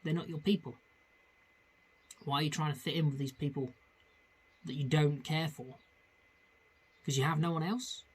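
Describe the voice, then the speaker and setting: A man's voice: fairly high pitch, normal speed, pauses often, breathy edge. A man hosting a comedic vlog, talking in a rambling, crude way with frequent restarts. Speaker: vlog host. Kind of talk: casual comedic vlog chat.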